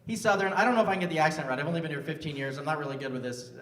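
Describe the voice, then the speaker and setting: A man's voice: on the high side, animated, racing, a bit bright. A man in his fifties doing a live stand-up set on a stage mic, self-mocking and bantering with the crowd. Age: 50s. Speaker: stand-up comedian. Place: large live music venue on stage. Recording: roomy venue sound from a distance.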